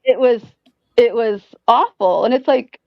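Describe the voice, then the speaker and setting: Animated, profane woman telling a story. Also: fairly high pitch, measured pace, dry recording. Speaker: guest. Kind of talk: casual storytelling chat. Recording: dull lo-fi sound.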